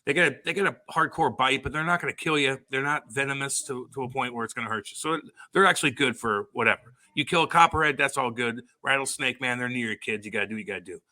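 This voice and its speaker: A man's voice: medium pitch, quick pace, sharp tone. A man co-hosting a podcast, telling stories in a blunt, profane, casual way. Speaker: podcast co-host. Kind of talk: casual chat.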